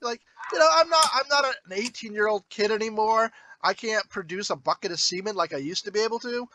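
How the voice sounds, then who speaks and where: A man's voice: sits high, fairly quick, noisy background. A young man co-hosting a comedy movie podcast, rambling casually with crude humor. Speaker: podcast co-host.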